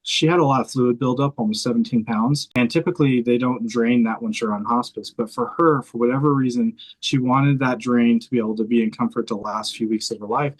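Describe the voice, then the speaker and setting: A man in a house room tells a personal story as a hospice chaplain. His voice sits at a middle pitch, and his telling is earnest and heartfelt. He sounds close to tears at moments. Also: fairly even intonation, brisk, few pauses, poor audio.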